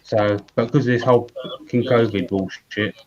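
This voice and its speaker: A man's voice: medium pitch, fairly even intonation, moderate pace, a little mellow. An Australian man chatting casually on a call, rambling and swearing offhandedly. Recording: dull call audio with faint noise.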